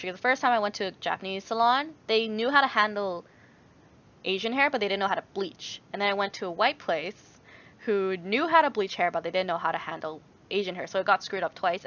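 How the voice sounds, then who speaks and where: A woman's voice: medium pitch, sharp tone, muffled recording. A young woman chatting casually in a vlog, answering viewer questions with lots of fillers, restarts and laughs. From Canada. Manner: rambling, many fillers and restarts, laughs often. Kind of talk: casual chat.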